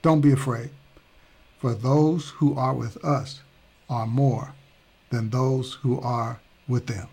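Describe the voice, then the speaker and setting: A male preacher voicing a calm, reassuring older male prophet. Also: medium pitch, takes it slowly, breathy edge.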